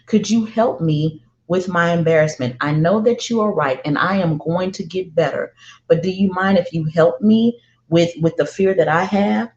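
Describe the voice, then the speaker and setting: A middle-aged woman telling a personal parenting story, emphatic and deliberate, often repeating herself for weight. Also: on the low side, a little mellow. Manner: emphatic, slow and deliberate with heartfelt repetition. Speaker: parenting speaker. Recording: roomy, dull lo-fi sound.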